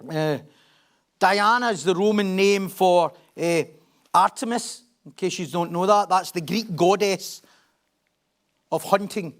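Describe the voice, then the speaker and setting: A middle-aged man preaches in a loose, conversational way, with a voice that sits noticeably high. He jokes at his own expense, tosses questions out to the congregation and slips between storytelling and reading Bible verses aloud. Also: takes it slowly, long pauses. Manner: chatty, humorous, asks the congregation questions; animated storytelling, laughs at himself. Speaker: pastor.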